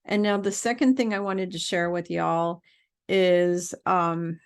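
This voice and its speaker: Earnest low-voiced woman spiritual teacher. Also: fairly even intonation, takes it slowly, clear, resonant tone. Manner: earnest and rambling, many fillers. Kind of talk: casual spiritual vlog monologue.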